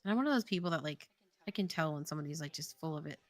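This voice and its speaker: A woman's voice: deep voice, animated, very fast, dry recording. A young adult woman co-hosting a casual stream, chatty and giggly, often saying "like". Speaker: co-host of game development stream. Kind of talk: casual chat.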